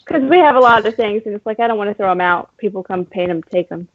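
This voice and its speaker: A co-host on a casual talk show, bubbly and quick to laugh. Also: medium pitch, lively intonation, narrow, tinny audio, slight background noise. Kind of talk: casual chat.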